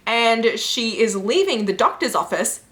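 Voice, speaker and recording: A woman's voice: on the high side, a little slow. Chatty woman gushing over webcomics. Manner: chatty, animated retelling of plots, frequent "like" and "you know". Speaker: book and webcomic reviewer. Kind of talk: casual recommendation chat.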